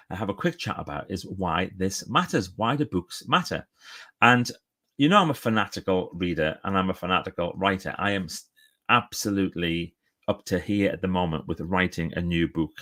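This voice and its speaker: Chatty middle-aged man, low voice. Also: fairly bright tone. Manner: chatty and enthusiastic, self-interrupting. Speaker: author and speaker. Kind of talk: casual live-stream chat. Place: home office lined with books. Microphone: phone or camera for a live stream.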